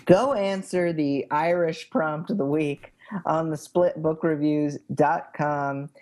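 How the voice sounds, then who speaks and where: A man's voice: on the high side, slow pace, darkish tone. Joking male podcast co-host. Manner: playful, jokey banter. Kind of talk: casual chat.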